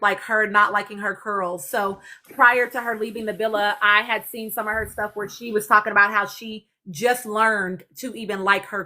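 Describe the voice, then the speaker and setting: Bright-voiced woman hosting a live stream. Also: mid-range voice. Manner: chatty, talks to viewers directly. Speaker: podcast host. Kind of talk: casual live-stream chat.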